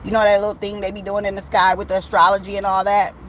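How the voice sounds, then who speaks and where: A woman gives a casual tarot reading, addressing her viewers directly. She talks in a blunt, animated way, swears freely, and sits at an ordinary pitch for a woman. A faint hum of vehicle noise runs in the background. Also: fast, rough recording. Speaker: tarot reader.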